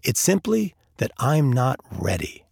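A man voicing a stubborn, fearful man stuck in a hole, pitching his voice up and whining. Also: sing-song, unhurried, creaky, darkish tone, slightly rough, no echo, clean studio sound, exaggerated voice. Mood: excuse-making. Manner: whiny, raises his pitch for the character.

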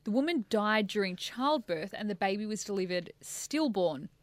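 A woman's voice: mid-range voice, expressive, moderate pace, no room sound. A woman co-hosting a casual chat, reading a story aloud from notes and laughing along. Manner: reads from notes, breaks into laughter. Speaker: podcast co-host reading a true story.

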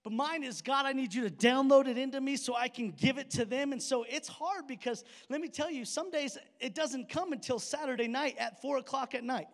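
A man preaching a sermon as pastor of his church, animated and conversational, full of rhetorical questions and asides to the congregation. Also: extremely high pitch, brisk, hardly any pauses, long reverb tail. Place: church auditorium stage.

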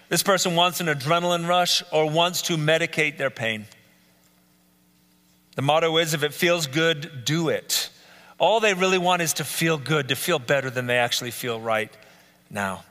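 A man's voice: a little high, pushed and bright, big-room sound. A man leading a live Bible study, earnestly listing traits one by one and repeating key phrases. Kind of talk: live teaching talk. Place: church meeting room.

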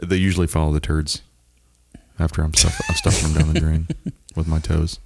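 A man's voice: extremely low pitch, level tone, a little mellow, a little hiss or hum. A man co-hosting a podcast, telling crude stories in casual banter and laughing at his own jokes. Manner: rapid, crude, laughing storyteller. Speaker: podcast co-host.

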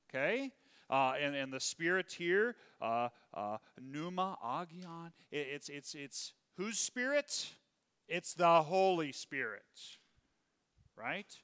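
Male pastor preaching, bright forceful voice, kinda high, lots of church echo. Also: expressive, unhurried. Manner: emphatic, stretches key words, asides and chuckles. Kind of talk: sermon. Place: church sanctuary. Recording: long reverb from a church hall.

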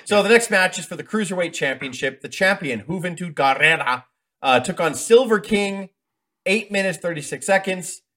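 A man's voice: high-pitched, animated, normal speed, sharp tone. A young adult man co-hosting a casual chat show, ranting heatedly with lots of swearing. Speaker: podcast co-host reviewing wrestling events.

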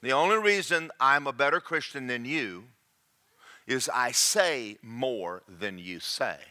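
A man's voice: mid-range voice, slow. A man preaching a sermon to a congregation, joking and checking in with the room. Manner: animated, jokey, checks in with the congregation.

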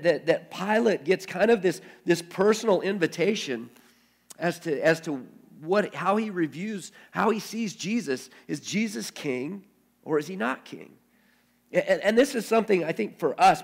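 A man pastor reading scripture aloud, then preaching in a halting way, often repeating words as he thinks aloud. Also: a little high, vocal fry.

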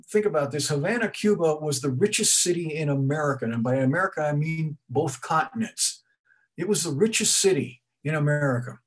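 A man's voice: on the high side, slightly rough. A middle-aged man giving an informal history talk to an audience, conversational and rambling, with frequent restarts and asides. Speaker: museum speaker giving a talk.

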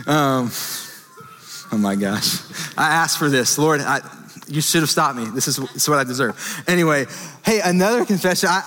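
A young man in his twenties with a drawl gives a casual, self-deprecating sermon, chatting with the room as he goes. His voice is fairly high and bright. It rings out with a long reverb from a large hall. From Texas. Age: 20s. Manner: joking, self-deprecating, talks to the crowd. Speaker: young adult ministry pastor. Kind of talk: casual sermon to a live group. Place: church meeting hall.

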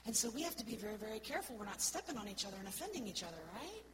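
A woman giving an earnest sermon-style talk to a congregation, often checking in with "right?" and swinging between soft, slow words and loud, stressed ones. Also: fairly high pitch, very animated, heavy background noise. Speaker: church speaker.

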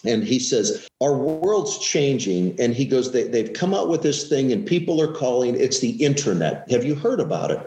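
A man's voice: mid-range voice, very animated, fairly quick, hardly any pauses, dark tone. A man in his fifties, a TV weatherman, telling his career story in a casual interview, self-mocking and acting out the people he quotes. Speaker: guest, TV weatherman. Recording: echoey room.

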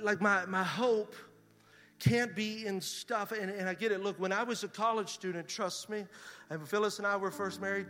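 A middle-aged man, a pastor telling a story in a sermon and building to loud preaching. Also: sits high. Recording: reverberant hall.

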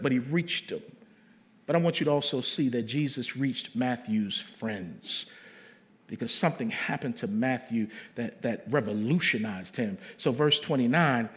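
A man pastor preaching a sermon, emphatic, swinging between loud calls and soft words. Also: mid-range voice.

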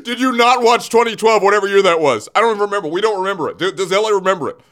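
A man's voice: sits high, racing, a bit bright, slight background noise. A man hosting a comedic sports segment from a studio, theatrical and self-interrupting, often breaking into giggles. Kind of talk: comedic in-character sports rant. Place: radio studio. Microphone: studio mic.

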